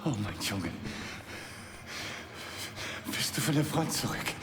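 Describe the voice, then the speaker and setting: A man's voice: mid-range voice, sing-song, slow pace. An actor playing a confused old man who thinks he is talking to his son, in a game. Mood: tender. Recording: echoey hall with long reverb.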